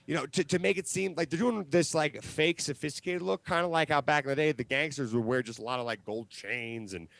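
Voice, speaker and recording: A man's voice: on the high side, brisk, gravelly, hardly any pauses, fairly bright tone, dry recording. Man, comedy show co-host, rambling with fillers, dry close sound. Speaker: podcast co-host. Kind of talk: casual comedy chat. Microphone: home mic over a call link.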